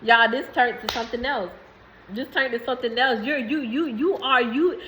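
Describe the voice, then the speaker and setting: A woman's voice: fairly high pitch, normal speed, pushed and bright, a little hiss or hum, rough recording. A woman in giving a rambling, emphatic spiritual message to viewers, swearing freely. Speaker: spiritual reader.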